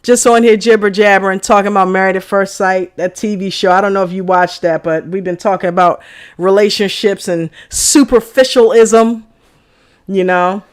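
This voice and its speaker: A woman's voice: medium pitch, fairly even intonation, normal speed. A woman from New Jersey co-hosting a reaction stream, talking in a loose, rambling way to her partner and live chat, with many fillers. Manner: chatty, rambling, many "you know"s. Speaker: reaction channel co-host.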